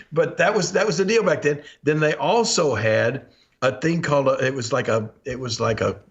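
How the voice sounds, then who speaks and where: Heard through slightly dull lo-fi audio, an older male podcast host speaks a little high at normal speed. He spins rambling stories in a chatty way, laughs frequently, and performs old quotes.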